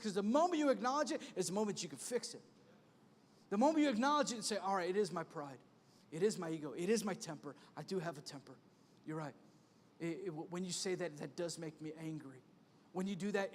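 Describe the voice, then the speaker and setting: A man in his thirties, a pastor preaching an animated sermon with punchy repeated refrains. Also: high-pitched. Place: church sanctuary. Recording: long reverb of a church hall.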